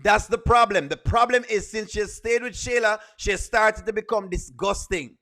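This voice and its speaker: In a reaction video, a man weighs in on a comedy skit with a high, bright, forceful voice. He scolds with emphasis, repeating himself to drive the point home, and talks at a normal speed.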